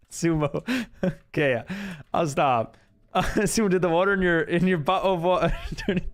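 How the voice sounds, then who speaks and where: Here a man speaks in a high, sing-song voice at a slow pace, pausing often, with faint music behind him. He's streaming a game live, casually reading his chat aloud and answering it with giggly, rambling talk.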